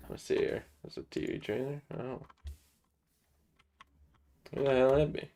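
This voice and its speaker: A young man with a mellow, mid-range voice talks a little slowly as he hosts a gaming livestream with friends. The chat is loose, and he keeps stammering and hesitating, padding pauses with "uh" and "um".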